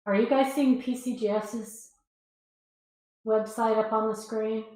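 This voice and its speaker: A woman on a livestream panel over a video call, reacting with quick exclamations and questions. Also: on the high side, fairly even intonation, darkish tone. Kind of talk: casual livestream chat. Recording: very echoey room.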